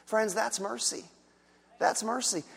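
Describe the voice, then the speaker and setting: Man, pastor, preaching a sermon, very high voice, long hall reverb, hushed then shouting. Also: steady tone, slow, gravelly, slightly rough. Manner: swings from hushed and tender to loud shouted preaching.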